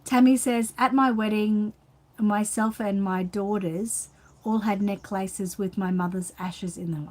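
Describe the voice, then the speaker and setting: An Australian woman hosts a casual live chat in a medium-pitched, darkish voice. Tired and yawning, she rambles and reads out viewer comments for her channel.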